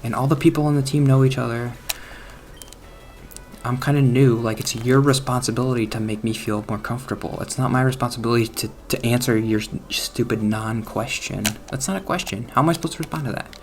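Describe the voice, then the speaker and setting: A man's voice: mid-range voice, fairly even intonation, fairly quick. A man talking casually over gameplay, rambling and self-deprecating, often trailing off, restarting and chuckling at himself. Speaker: gaming channel host.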